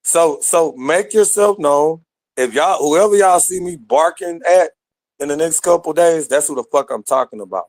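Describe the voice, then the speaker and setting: A man's voice: on the high side, lively intonation, moderate pace, darkish tone, no room sound. A man ranting at listeners in an online audio room, confrontational and full of slang and swearing. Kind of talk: heated rant.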